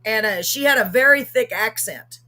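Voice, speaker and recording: A woman's voice: on the high side, normal speed, bright, forceful tone. A woman hosting a live streamed show, telling a story casually and rambling with many ums and self-corrections.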